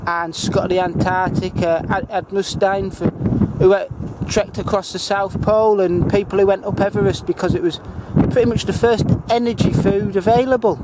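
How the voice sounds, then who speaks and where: A man with a fairly high Northern English voice talks a viewer around his hometown, halting often with filler sounds. Wind buffets the microphone over steady outdoor noise. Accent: Northern English, Cumbrian. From England. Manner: hesitant, heavy with filler sounds, explaining simply for foreign viewers. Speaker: amateur video tour guide. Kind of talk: casual walking-tour narration. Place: outdoors by a river.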